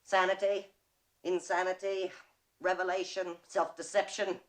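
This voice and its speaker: A woman's voice: on the low side, little pitch movement, measured pace, natural voice. An actress playing a bitter, wry middle-aged woman who mocks herself with dry theatrical wit. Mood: sardonic. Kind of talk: stage play performance.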